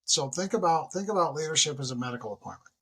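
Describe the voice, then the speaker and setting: A man of about sixty, a retired military leader, talking as a podcast guest in a lively, storytelling way, often acting out what people say. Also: fast talker, slightly rough. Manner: animated storyteller who acts out dialogue with big pitch jumps. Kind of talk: casual interview conversation.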